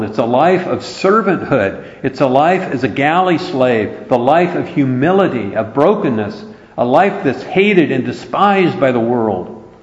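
Slow, earnest preacher in an echoey hall. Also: male voice, medium pitch. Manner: earnest, emphatic preaching with scripture quotes. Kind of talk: sermon. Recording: roomy, dull lo-fi hall recording.

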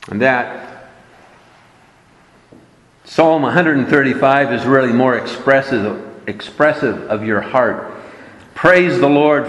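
Slow, animated male preacher in an echoey hall. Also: mid-range voice. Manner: emphatic, repeating key words. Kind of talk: sermon.

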